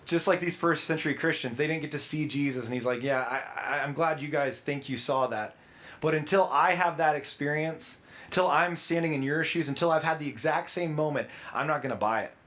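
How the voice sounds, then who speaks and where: Young male pastor with a slightly high voice, giving a casual, story-driven sermon. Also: brisk, a bit bright.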